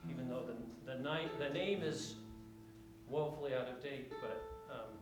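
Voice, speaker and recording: A man playing violin live, chatting casually between tunes in a halting way with many fillers. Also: mid-range voice. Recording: echoey room with instrument music.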